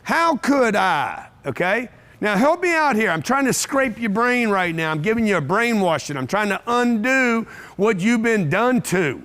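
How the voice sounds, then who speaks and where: High-pitched guy hyping up a seminar crowd, blunt, swears a lot, keeps asking questions. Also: lively intonation, normal speed, fairly bright tone. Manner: brash, blunt and profane, with repeated rhetorical questions. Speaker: motivational speaker. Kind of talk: live seminar talk to an audience. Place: event room with a live audience.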